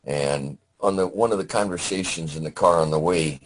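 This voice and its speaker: Speaking over a remote call with slight background noise and a rough recording, a deep-voiced older man tells stories in an interview. He's a Vietnam veteran from Detroit, Michigan, and his memories of childhood come out slowly, broken by frequent pauses and fillers.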